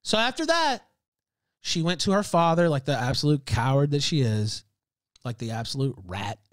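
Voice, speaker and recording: A man's voice: on the high side, animated, normal speed, no room sound. A man hosting a livestream, ranting in heated, profane casual talk and breaking into laughs. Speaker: livestream host.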